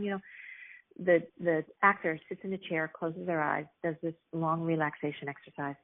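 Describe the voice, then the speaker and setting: A middle-aged woman, an author and actress, telling stories earnestly and reflectively in an interview, with many pauses and restarts. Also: lowish voice. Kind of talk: casual interview storytelling. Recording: tinny phone-like line.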